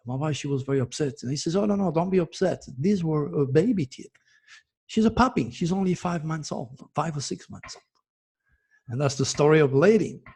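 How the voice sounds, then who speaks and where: Husky, gravelly French-born man. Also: a little high, lively intonation, a little fast. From France. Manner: chatty, storytelling, repeats words; coos softly to his dog. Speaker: astrologer host. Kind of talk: casual chat to viewers.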